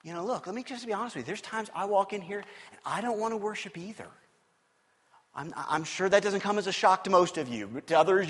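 A man with a fairly high voice preaches a sermon. He is open and conversational and keeps asking his listeners questions. His words ring with a long reverb from a church sanctuary. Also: animated, fairly quick, sharp tone, breathy edge. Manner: candid and conversational, with rhetorical questions. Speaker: pastor.

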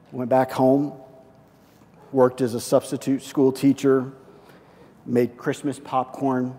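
A man preaching a sermon, telling a personal story and slipping into excited, quoted voices. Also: medium pitch, long reverb tail. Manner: storytelling with lively swings into excited quoted speech. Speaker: pastor.

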